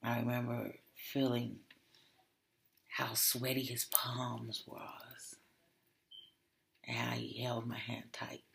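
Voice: medium pitch, level tone, slow pace, gravelly, pauses often, a bit bright. A podcast host telling a personal story in a reflective way, often dropping to a whisper and repeating words. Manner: repeats words and restarts when emotional.

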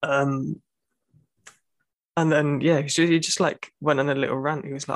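A man's voice: fairly high pitch, flat delivery, moderate pace, dry recording. Young man rambling through a story. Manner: rambling storytelling with many fillers. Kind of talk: casual chat.

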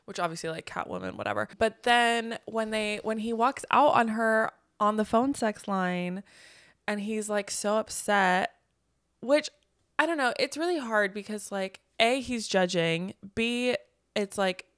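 A woman's voice: medium pitch, a little slow, smooth, no echo, studio quality. A young woman co-hosting a podcast, chatting casually about a movie and acting out lines from it. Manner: chatty, quotes film lines in animated voices. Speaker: podcast co-host.

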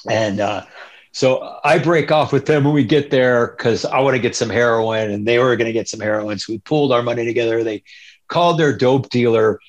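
A man's voice: mid-range voice, brisk. A man telling stories in a loose, rambling way, as a guest in an interview. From Northern California. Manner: rambling, loose, animated quoting of others. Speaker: interview guest, punk musician. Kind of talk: casual storytelling.

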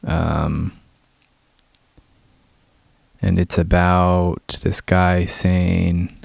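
A man's voice: deep voice, level tone, extremely slow, gravelly, no echo. A man ranting in an incredulous, mocking tone, talking close to a dry mic. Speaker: vlogger. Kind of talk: ranting commentary.

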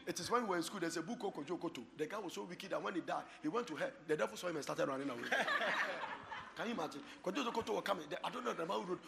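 A man preaching a sermon, moving from hushed storytelling to shouted exhortation and laughing often. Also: high-pitched, racing, creaky, few pauses, big-room sound, very noisy. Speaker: pastor.

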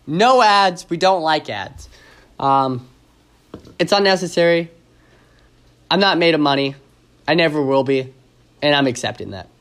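A man with a somewhat high voice hosts a loose, casual podcast. He rambles and jokes his way through stories, and his talk is full of ums, uhs and restarts. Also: a bit bright. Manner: rambling and joking, with many fillers and restarts. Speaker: podcast host. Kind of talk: casual solo podcast chat.

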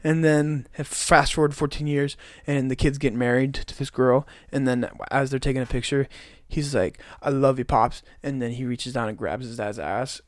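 A man's voice: medium pitch, steady tone, moderate pace, hardly any pauses, dry recording. A young man on a podcast, retelling a story in a rambling, casual way with many "like"s. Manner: rambling retelling, heavy use of "like". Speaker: podcast co-host.

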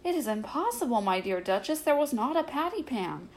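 A woman's voice: sits high, sing-song, a little fast, voice pushed up, poor audio. A woman voicing a prim, proper female cat hostess in a children's story, in a polite and disapproving way.

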